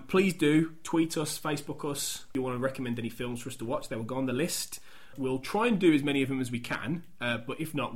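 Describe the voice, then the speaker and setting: A man hosting a podcast, chatting casually and teasing his guest with a laugh. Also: mid-range voice. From English Midlands. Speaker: podcast host.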